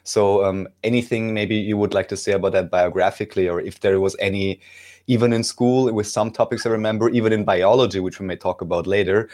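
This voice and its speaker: A male interviewer with a lowish voice. He asks long, winding questions that are padded with fillers. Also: fairly even intonation, fairly quick, darkish tone. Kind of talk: casual interview.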